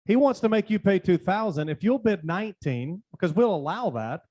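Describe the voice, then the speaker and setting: A man's voice: sits high, lively intonation, fairly quick, a little mellow, dull audio. A man hosting a conference event, giving informal, rambling announcements with fillers. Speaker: event host.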